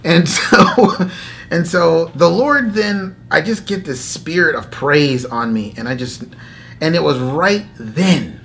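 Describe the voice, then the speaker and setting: A man's voice: on the high side, expressive, slow pace, vocal fry, a bit bright, slight background noise. A man hosting a casual faith talk, telling a story animatedly, acting out inner dialogue and laughing often between phrases. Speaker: host. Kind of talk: casual spoken testimony.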